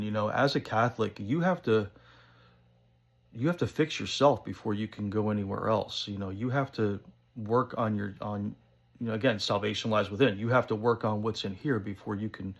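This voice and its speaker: A man with a thick New Jersey accent talks in a loose, rambling monologue. He keeps slipping in "you know" and "um". His voice sits a little low and has a gravelly crackle. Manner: rambling, conversational, many fillers. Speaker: pipe-smoking channel host. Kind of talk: casual monologue to camera.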